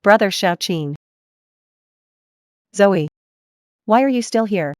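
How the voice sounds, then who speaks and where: A woman's voice: mid-range voice, lively intonation, slow, a little mellow, clean tone, no echo. A woman voicing a scornful, scheming woman, dismissive and spiteful, in a dry booth. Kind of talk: dubbed drama acting.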